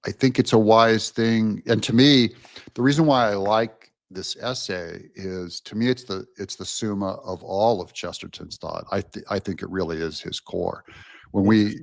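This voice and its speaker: A man's voice: on the low side, steady tone, moderate pace, gravelly, no echo, studio quality. A man as a podcast guest, reflecting in a thoughtful, casual way and drifting from one reference to the next.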